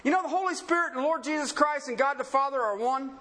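Fast, bright, and forceful, a man preaches a sermon full of rhetorical questions. He laughs often and swings between emphatic highs and low murmurs.

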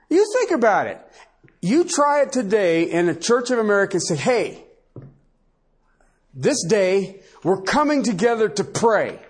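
A male pastor preaching a sermon with animated delivery, swinging between low asides and high emphatic bursts and laughing often. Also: measured pace, long pauses, breathy edge.

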